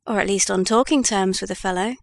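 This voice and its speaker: Brief: a woman reading an old, kindly newsroom editor for an audiobook, mid-pitched, dry close sound. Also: brisk, creaky, dry recording, close to an everyday voice. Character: kindly old male Scottish news editor.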